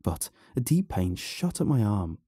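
Dark, husky male horror narrator. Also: on the low side, a little slow, no echo, studio quality. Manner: expressive, dramatic reading. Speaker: storyteller. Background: faint music.

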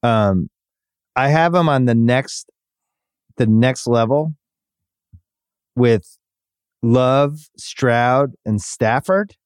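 A man hosting a casual sports betting chat, listing names in quick runs. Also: mid-range voice, clean tone, dry recording, clean studio sound. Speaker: sports betting podcast host.

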